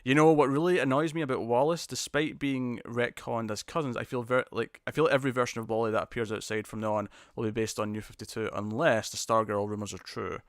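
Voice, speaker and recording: A man's voice: mid-range voice, fairly even intonation, quick pace, hardly any pauses, smooth, dry recording. A man from the UK hosts a live stream, reading out viewer comments in a loose, rambling style. He stammers, restarts his sentences and often chuckles. His voice sits mid-range and is recorded dry and close.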